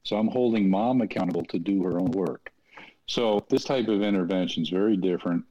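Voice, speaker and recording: A man's voice: sits low, a little fast, mellow. A middle-aged man, an interventionist, explaining his work earnestly in an interview. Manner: earnest, plain-spoken, acts out family dialogue. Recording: dull lo-fi audio.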